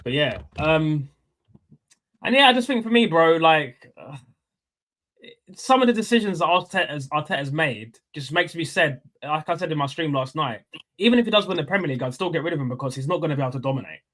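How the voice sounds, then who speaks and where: A young man hosting a casual post-match fan livestream, rambling and excitable. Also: a little high, a little fast. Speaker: livestream host.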